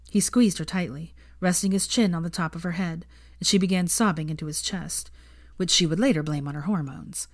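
A woman reading a fan story aloud in an expressive narrating voice. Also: deep voice, brisk, no room sound, clean studio sound. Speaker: fan fiction reader.

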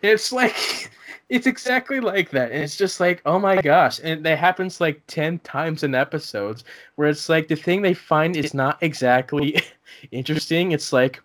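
A man's voice: fairly high pitch, a little slow, a bit bright. A young man co-hosting a casual podcast, laughing often and stumbling over restarts. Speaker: podcast co-host. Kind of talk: casual chat.

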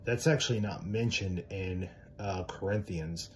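A man's voice: low-pitched, unhurried, a little hiss or hum. A man giving a casual, earnest Christian talk, rambling with many fillers and restarts, and speaking in a direct way. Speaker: Christian podcaster.

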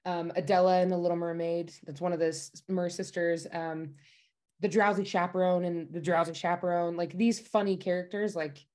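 Loud, laughing woman stage actor. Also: on the low side, steady tone, normal speed. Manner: laughs often, loud and confident. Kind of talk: casual chat.

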